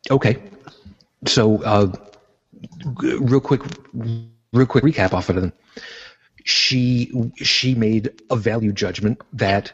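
A man's voice: lowish voice, slow pace, pauses often, a bit bright, slightly rough. A man hosting a casual discussion, explaining his points in an earnest way. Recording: dull lo-fi sound.

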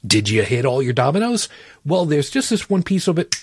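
Blunt, husky-voiced man. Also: a little high, brisk, no echo, clean studio sound. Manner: blunt, profane, animated explaining. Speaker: podcast co-host. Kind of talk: casual panel chat.

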